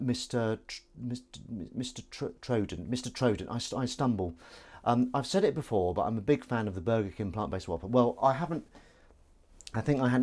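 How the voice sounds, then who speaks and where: A man's voice: medium pitch, darkish tone. A man with a Southern English accent hosting a live stream while washing up, chatting with viewers in a rambling, self-mocking way. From England.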